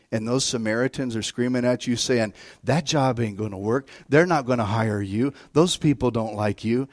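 A middle-aged man preaching a sermon as a guest preacher, telling stories and swinging between hushed and loud, excited delivery. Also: medium pitch, no echo.

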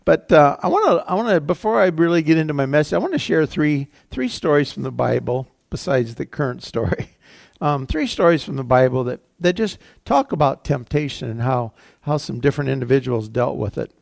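Gravelly-voiced male pastor, folksy sermon. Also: fairly high pitch, lively intonation, a little fast, darkish tone, no echo, clean studio sound. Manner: folksy, chuckles between points. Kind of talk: conversational sermon. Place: church.

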